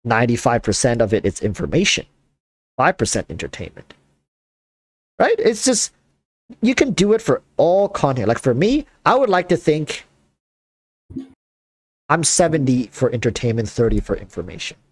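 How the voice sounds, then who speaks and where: A man hosting a casual chat, talking in an animated, rambling way with lots of fillers. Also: medium pitch, normal speed, pauses often, dry recording. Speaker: content creator and host.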